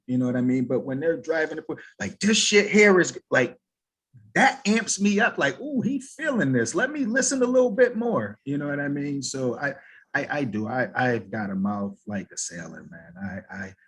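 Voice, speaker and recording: A man's voice: mid-range voice, fairly bright tone, slightly rough. A man hosting a podcast, rambling casually and often asking if he is understood. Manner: rambling, keeps asking "you know what I mean".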